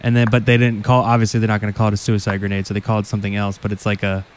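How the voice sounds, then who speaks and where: A man co-hosting a casual anime discussion podcast, wisecracking in quick bursts. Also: lowish voice, monotone, clear, resonant tone. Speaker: podcast co-host.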